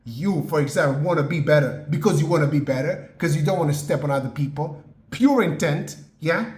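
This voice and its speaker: Earnest high-voiced man, echoey room. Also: a little mellow. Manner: earnest, repeats "yeah?" and "okay?" as check-ins, slow emphatic phrasing. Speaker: motivational podcast host. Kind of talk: motivational talk.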